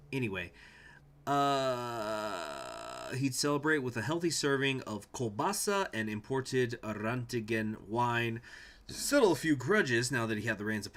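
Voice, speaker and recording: A man's voice: medium pitch, a bit bright. A man streaming a strategy game from home, reading event text aloud and rambling to his chat with jokey asides. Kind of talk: casual gameplay commentary, reading event text.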